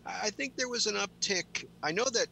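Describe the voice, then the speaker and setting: A man's voice: high voice, lively intonation, a little fast, gravelly, bright, forceful tone, a little hiss or hum, low-quality recording. A man on a chat panel, chatting matter-of-factly.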